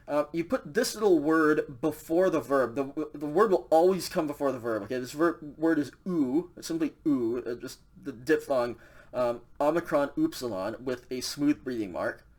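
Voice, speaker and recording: A man teaching a recorded language lecture over slides, explaining casually with many fillers and a frequent "okay" check. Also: mid-range voice.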